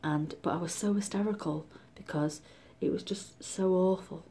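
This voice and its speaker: Woman, middle-aged, casual storytelling, low-pitched, animated, whispery asides. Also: moderate pace, a little hiss or hum. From Britain. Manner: chatty, animated, often drops to a whisper. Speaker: vlogger.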